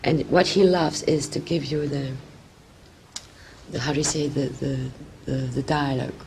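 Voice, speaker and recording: Woman, actress, gravelly voice, halting, faint tape hiss. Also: low voice. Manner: halting, searching for words, many restarts. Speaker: actress and director, interview guest. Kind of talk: casual interview talk.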